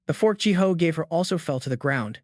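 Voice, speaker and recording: A man narrating a scripted comic recap in a steady storytelling voice. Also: fairly high pitch, a little fast, no room sound, studio quality.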